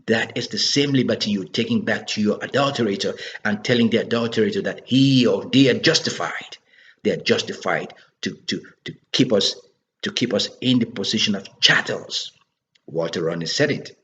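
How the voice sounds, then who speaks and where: A man's voice: lowish voice, moderate pace, a bit bright, slight background noise. A man delivering an impassioned political monologue, scolding and asking rhetorical questions again and again. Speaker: political commentator. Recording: dull lo-fi recording.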